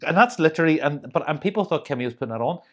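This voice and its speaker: A woman's voice: sits low, lively intonation, racing, lo-fi sound. A woman co-hosting a podcast, telling stories in a chatty way with many asides. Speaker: podcast co-host. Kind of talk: casual chat.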